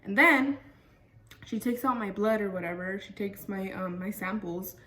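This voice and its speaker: A woman's voice: medium pitch, moderate pace, a bit bright, slight background noise. A young woman vlogger telling a casual storytime, chatty and full of fillers. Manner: chatty, lots of fillers and "freaking". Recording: voice a bit far from mic.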